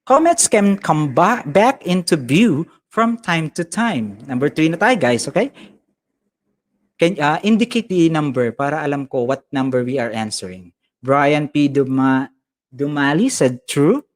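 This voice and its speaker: Upbeat Filipino male teacher, higher voice. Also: lively intonation, measured pace. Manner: upbeat, code-switching, greets viewers by name. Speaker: science teacher. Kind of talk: live online lesson, reading out comments.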